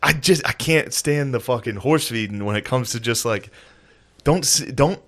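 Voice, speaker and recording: A man's voice: mid-range voice, moderate pace, a bit bright. A man in his thirties co-hosting a comedy podcast, telling profane family stories and laughing often. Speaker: podcast co-host. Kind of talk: casual comedic storytelling.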